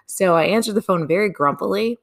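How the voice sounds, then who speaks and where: A woman casually telling a personal story to her viewers, animated, laughing often and swearing now and then. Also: medium pitch, a little fast.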